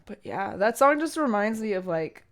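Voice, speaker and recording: Young woman streamer, emotional and teary, loose rambling chat with lots of "like", average pitch. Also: sing-song, normal speed. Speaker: streamer and singer. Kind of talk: casual live-stream chat.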